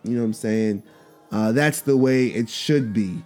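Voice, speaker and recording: A man's voice: fairly low pitch, measured pace, warm tone, faint music behind. A man in his thirties hosting a casual solo podcast, talking candidly and rambling, with lots of fillers, restarts, casual swearing and laughter at his own stories. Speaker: podcast host.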